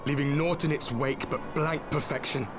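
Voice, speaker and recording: An actor playing a grim masked male warrior from another world, speaking in a solemn, archaic, measured way. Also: on the high side, steady tone, background noise, natural voice. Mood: grave. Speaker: villain. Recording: game cutscene with loud score. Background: orchestral game music.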